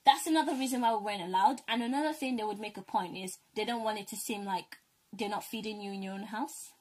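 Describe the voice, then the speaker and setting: Husky young woman telling stories. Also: medium pitch, quick pace. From African family, raised in Britain. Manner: animated storyteller, mimics parents' voices. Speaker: co-host. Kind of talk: casual chat.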